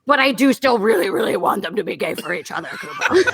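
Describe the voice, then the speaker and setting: A woman's voice: medium pitch, expressive, quick pace, crowd noise, lightly acted. A woman voicing a feisty, spicy winged Moogle in a tabletop role-play, tacking a verbal tic onto her lines. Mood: playful. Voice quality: bright, ends sentences with a verbal tic.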